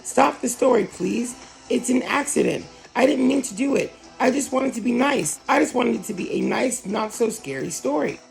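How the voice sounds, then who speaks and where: Reader doing a tiny scared piglet, high pleading little voice, kinda gravelly. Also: expressive, normal speed, soft background music, low-quality recording. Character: tiny timid young pig, easily frightened.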